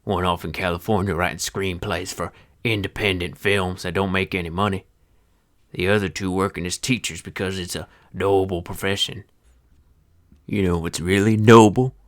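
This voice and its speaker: An actor playing a bitter old horse-feed seller near seventy, who narrates in a deep voice with an old-timey Western twang and talks in a grumbling, sardonic, cursing folksy way. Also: male voice, flat delivery, normal speed, a bit bright. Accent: old-timey Western American twang. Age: older. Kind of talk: film narration.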